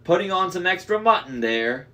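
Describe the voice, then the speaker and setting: A hulking male cyclops bellows in a strained, raised voice, as a man reads him aloud. The brute yells everything at top volume. It is a storybook monster voice from a read-aloud. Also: high voice, sing-song, moderate pace, voice pushed up, full character voice. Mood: mocking. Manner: bellowing and yelling. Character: huge brutish male one-eyed cyclops monster.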